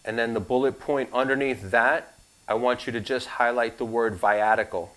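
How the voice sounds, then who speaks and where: A man leads a live insurance licensing class in a relaxed, conversational manner. His voice sits in an ordinary middle pitch, and he mixes instructions with frank personal asides. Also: moderate pace, rough recording.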